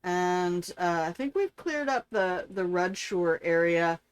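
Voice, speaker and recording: A woman's voice: on the low side, slow pace, clean tone, no room sound. An older woman hosting a live game stream, chatting playfully and answering her chat as she plays.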